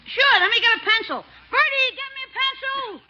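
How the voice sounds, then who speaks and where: An actor playing a smart-alecky young boy in a 1940s radio comedy, quick with jokes. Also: very high voice, sharp tone, a little hiss or hum, heavily acted. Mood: cheeky. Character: cheeky young boy, wisecracking nephew. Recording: dull old radio broadcast.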